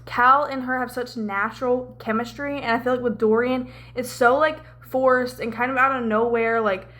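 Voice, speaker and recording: Young female book vlogger, high-ish voice, animated, cursing, casual recap. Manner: animated, swears a lot, acts out scenes with quick voices. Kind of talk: casual chat.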